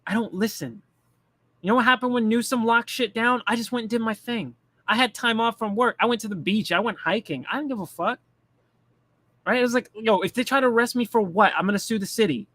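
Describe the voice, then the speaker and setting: A man's voice: high voice, a little fast, sharp tone, no room sound. A man ranting bluntly and profanely in casual political commentary, mocking the people he talks about. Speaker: commentary streamer.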